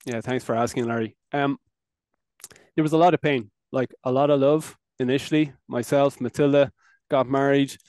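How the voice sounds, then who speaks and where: A man's voice: medium pitch, fairly even intonation, moderate pace, a little mellow, no echo. A man with an Irish accent, a guest coach talking candidly in a casual interview, laughing often and restarting his words. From Ireland. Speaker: podcast guest, men's coach.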